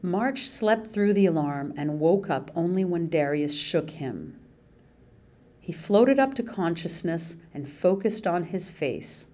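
A woman with a lowish voice narrates an audiobook from a script, keeping her storytelling measured and even.

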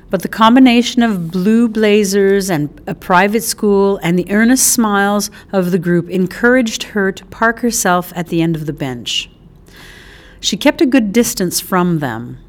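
A woman narrating an audiobook with an expressive, animated delivery. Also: medium pitch.

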